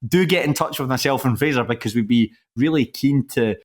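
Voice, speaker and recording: A Scottish man in casual football chat, wandering through his thoughts with plenty of hesitant restarts. His voice sits at an ordinary middle pitch for a man. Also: a little fast. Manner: rambling, hesitant, many restarts. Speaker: podcast host.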